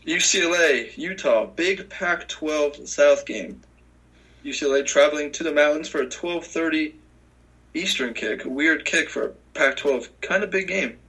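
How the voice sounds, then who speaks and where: A man's voice: fairly high pitch, animated, measured pace, a bit bright, rough recording. A man hosting a casual sports picks chat. He rambles, restarts his sentences and chuckles as he talks. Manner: rambling, self-correcting, chuckling. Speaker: podcast host.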